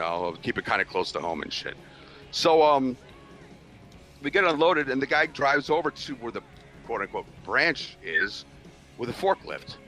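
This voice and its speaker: A man in his forties telling a long story in a casual chat, swearing constantly and acting out what people said. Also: fairly low pitch. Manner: animated, swears constantly, acts out quoted voices.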